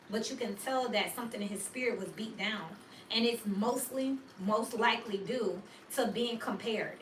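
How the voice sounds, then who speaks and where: A woman giving a casual, slangy tarot reading for her viewers, chatty and animated. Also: mid-range voice, reverberant, far from the mic, slight background noise, low-quality recording. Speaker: tarot reader.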